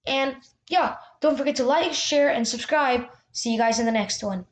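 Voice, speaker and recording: A woman's voice: high-pitched, normal speed. A woman hosting a casual screen-recorded tutorial, talking loosely with restarts and little fillers. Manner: chatty, loose, with restarts and "yeah". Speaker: tutorial host.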